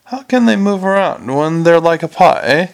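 A scruffy, sulky constable, voiced by a man whines through every complaint. The voice is pitched fairly high with a gravelly grain. It suits a storybook reading. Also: lively intonation, normal speed. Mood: puzzled. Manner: sulky, whiny. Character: scruffy, sulky, whiny male watch constable.

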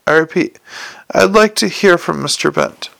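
A man's voice: on the high side, moderate pace, vocal fry, heavily acted. Man reading a cool, menacing city ruler. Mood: quietly menacing. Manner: dry, precise, quietly menacing. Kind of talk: audiobook character reading.

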